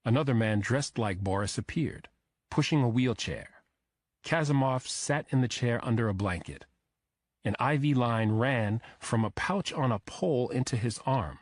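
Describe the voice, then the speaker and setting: A man narrating a crime thriller audiobook in the first person, measured and even. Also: medium pitch, dry recording.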